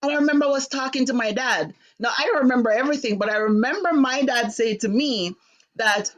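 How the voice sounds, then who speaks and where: A middle-aged woman from Jamaica hosting a live talk stream, telling a personal story with lively, indignant delivery. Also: high voice, a little fast. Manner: animated, acts out voices in quotes, rising to sharp indignation. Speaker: host of a live talk show.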